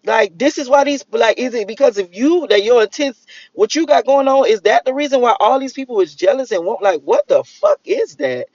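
A man's voice: very high voice, expressive, fairly quick, darkish tone, dry recording. A man rambling through a solo vlog monologue, leaning on "like" and restarting his sentences. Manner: musing, repeats "like" often, restarts sentences. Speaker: vlogger. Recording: dull lo-fi dry recording.

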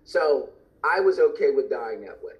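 A man's voice: mid-range voice, big pitch swings, normal speed, rough recording. Earnest man telling his story. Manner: earnest, candid, emotional. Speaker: podcast guest and speaker. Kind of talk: personal storytelling in interview.

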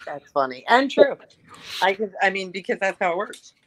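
Woman, casual storytelling chat, animated, swears a lot, filler-heavy, mid pitch. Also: moderate pace.

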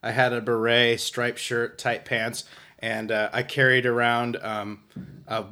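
A man co-hosts a podcast, full of jokes and quick tangents. He trips over his own words and restarts his sentences. His voice has a bright, forceful edge. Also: medium pitch, level tone. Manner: jokey, rambling, stumbles over words. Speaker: podcast co-host. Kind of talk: casual chat.

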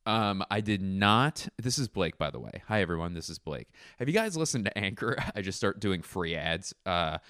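A man's voice: low-pitched, expressive, moderate pace, few pauses, fairly bright tone, no echo, clean studio sound. A man guest hosting a comedy podcast, riffing goofily in an improvised monologue and laughing at his own jokes. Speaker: guest host.

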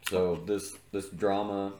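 A man co-hosting a podcast, making deadpan wisecracks while watching wrestling. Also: low-pitched, slow, a little hiss or hum. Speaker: podcast co-host. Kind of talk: casual chat watching wrestling. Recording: roomy echo.

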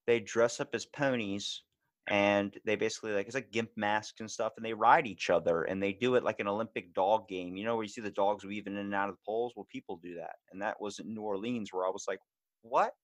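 A man's voice: quick pace, no room sound. A man with a Baltimore accent hosting a podcast, telling stories and acting out quotes with big jumps in his voice. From Baltimore, USA. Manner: animated storyteller, acts out quotes with big pitch jumps. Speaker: podcast host. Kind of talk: casual podcast chat.

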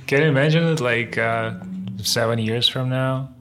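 A man's voice: mid-range voice, moderate pace, fairly bright tone, soft background music. A man interviewing casually, mostly giving short replies and asking brief questions.

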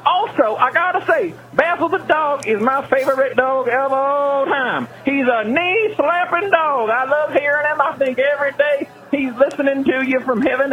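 A man voicing an excitable Texan cowboy caller, folksy and gushing. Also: extremely high pitch, pitched above the performer's own voice. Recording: muffled lo-fi phone message.

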